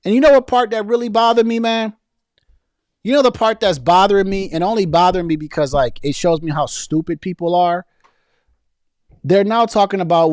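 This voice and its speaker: A man's voice: high voice, fairly quick, a little mellow, no room sound, studio quality. A man hosting a casual political commentary stream, reading viewer comments and talking loosely with slang, frequent restarts and repeated words.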